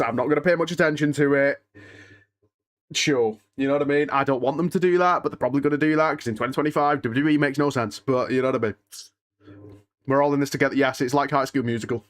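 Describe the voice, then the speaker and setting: Young guy on a live stream, chatty with chat, keeps sighing and groaning, mid pitch voice. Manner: restless and emotional, sighing and muttering oaths. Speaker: streamer hosting a live watch-along. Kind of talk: casual live-stream chat, reading and answering chat.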